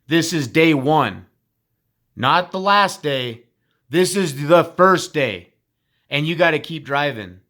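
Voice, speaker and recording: A man who used to teach speaks straight to his former students in a heartfelt recorded message. His voice sits at an ordinary middle pitch, and his delivery is emphatic, blunt and informal, with casual swearing. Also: fairly bright tone.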